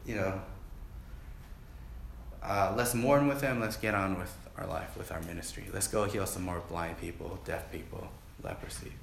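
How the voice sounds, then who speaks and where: A pastor whose voice sits low and sounds creaky preaches at a moderate pace with fairly even intonation, keeping the sermon jokey and asking the congregation to respond. The echoey church hall recording has a little hiss or hum.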